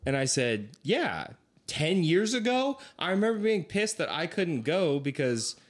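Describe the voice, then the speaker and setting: A young man telling a long story in casual chat, acting out voices as he goes. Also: unhurried. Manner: animated, acts out quoted voices with big pitch swings.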